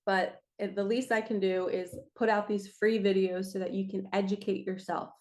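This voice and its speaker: A woman speaking to her viewers in an earnest spiritual talk, urging and emphatic. Her voice is raspy from straining her throat, with a pitch in the middle of the usual range. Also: level tone, normal speed, darkish tone. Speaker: spiritual reader and coach.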